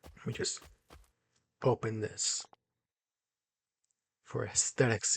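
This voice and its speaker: A young man giving casual commentary as he builds in a video game, excitable, muttering to himself and then bursting into loud exclamations. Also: fairly low pitch, normal speed, vocal fry, slightly rough. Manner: excitable, talks to himself while building, jumps between mumbling and loud exclamations. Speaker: gaming YouTuber.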